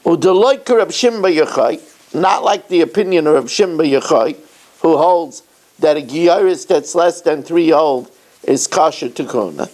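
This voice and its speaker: A man's voice: on the high side, moderate pace. A man, a rabbi, giving a daily Talmud lesson. He reads Aramaic phrases aloud, explains them in English, and slips in playful asides. He sounds a little winded. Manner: animated teacher with playful asides.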